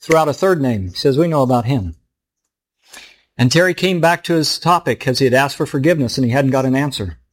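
A man's voice: medium pitch, quick pace, hardly any pauses. A middle-aged man, a pastor, telling a story in a sermon in an earnest, emotional way.

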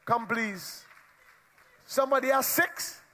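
A man's voice: very high-pitched, slow pace, bright, forceful tone. A man leading a church meeting, playfully teasing and bantering with the congregation. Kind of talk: lively crowd interaction from the pulpit. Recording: long hall reverb.

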